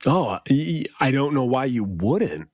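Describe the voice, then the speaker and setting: A man co-hosting a podcast in casual chat, riffing with deadpan jokes. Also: mid-range voice, a little slow, dry recording, clean studio sound. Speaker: podcast co-host.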